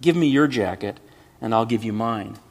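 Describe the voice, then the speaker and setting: A man doing a tall, gentle ragman. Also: medium pitch, normal speed, lightly acted. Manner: gentle, quiet authority. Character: tall strong male ragman, compassionate, quietly authoritative. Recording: long hall reverb.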